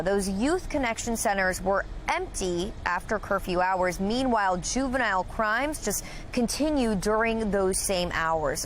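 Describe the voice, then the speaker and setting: A woman's voice: a little high, slight background noise. Female live field reporter outdoors. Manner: steady, explanatory reporting.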